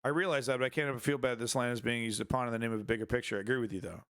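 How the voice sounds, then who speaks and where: A man's voice: medium pitch, steady tone, racing, fairly bright tone, smooth, no room sound, clean studio sound. A man hosting a live-streamed news show, rambling through casual commentary with crude jokes and many restarts.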